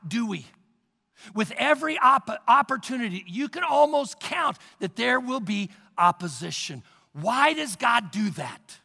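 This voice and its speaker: High-pitched guy preaching, raspy gravelly voice, long reverb like a big church. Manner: emphatic preaching, rising to shouts. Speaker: pastor. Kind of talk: sermon.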